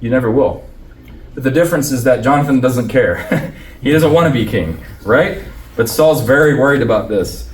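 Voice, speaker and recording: A man's voice: mid-range voice, expressive, normal speed, slight background noise. A man pastor teaching a Bible study in a loose, conversational way with everyday slang. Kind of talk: casual Bible lesson. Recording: roomy, distant mic, faint ambience.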